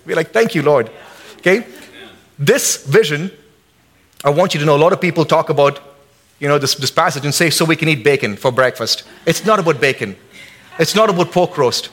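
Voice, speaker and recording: A pastor preaching a lively sermon in church, acting out quotes and jokes. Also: male voice, on the high side. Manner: animated, acts out quotes and jokes.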